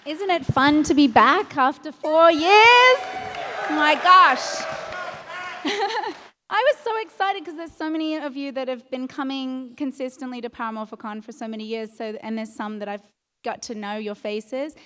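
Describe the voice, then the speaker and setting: A woman's voice: high-pitched, a little slow, pushed and bright, some chatter behind, slight background noise. A woman speaking as a guest on a convention panel, bubbly and effusive. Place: convention hall stage.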